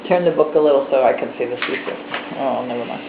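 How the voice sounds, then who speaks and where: A man voicing a small, impatient male pet canary who mutters quickly and soon gives up. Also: mid-range voice, slight background noise, pitched below the performer's own voice, close to an everyday voice. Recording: tinny, echoey, from far off.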